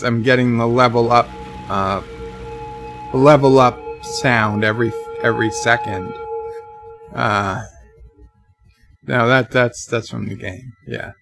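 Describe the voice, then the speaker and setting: A man with a bright, gravelly voice reads his live-stream chat aloud, slow and unhurried. He rambles and jokes with viewers between messages. Faint music plays under him. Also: mid-range voice.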